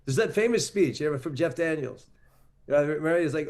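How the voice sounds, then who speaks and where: A man's voice: a little high, expressive, quick pace, darkish tone. A man answering as an interview guest, confident and opinionated about the sport.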